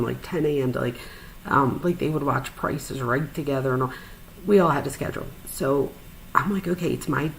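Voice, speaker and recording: A woman telling a personal story in a chatty, animated way, with frequent fillers and sudden high-pitched asides. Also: vocal fry, slight background noise, rough recording. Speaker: podcast host, psychologist.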